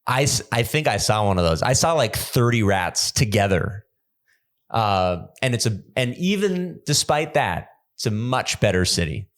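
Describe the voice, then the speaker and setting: In casual comedic podcast chat, a young stand-up comedian tells rambling, animated stories and keeps restarting. He speaks at normal speed with a mid-range voice.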